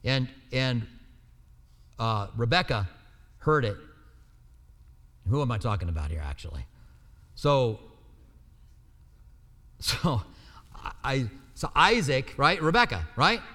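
A man's voice: medium pitch, sing-song, takes it slowly, long pauses, fairly bright tone. A man preaching an earnest sermon, restarting phrases and rising in emphasis as he explains scripture. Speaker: pastor. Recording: long reverb of a hall.

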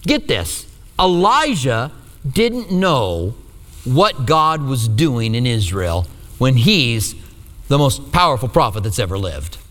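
A man's voice: high voice, a bit bright. A man preaching a sermon as a pastor, telling the story with energy and acting out the quotes. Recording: reverberant hall.

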